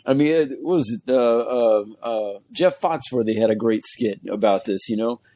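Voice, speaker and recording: A man hosting a casual podcast chat, an animated storyteller who acts out voices. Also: medium pitch, unhurried. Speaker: podcast host.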